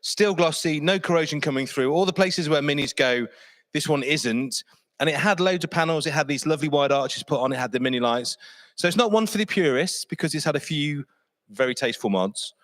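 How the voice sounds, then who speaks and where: A man's voice: on the high side, lively intonation, a little fast, a bit bright, no room sound. A man presenting a classic car at auction in a chatty, enthusiastic walk-around style.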